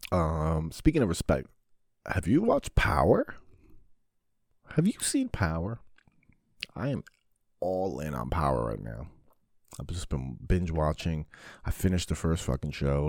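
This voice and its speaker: A man hosting a podcast, talking in a casual, crude, comedic monologue that rambles, swears a lot and breaks into sudden loud bursts. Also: sits low, no room sound, clean studio sound. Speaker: podcast host.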